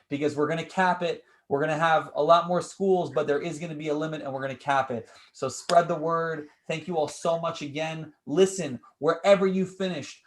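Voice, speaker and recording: Energetic man hosting a competition. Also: fairly high pitch. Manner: energetic hype, repeats phrases. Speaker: competition host. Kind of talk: announcing results on a livestream.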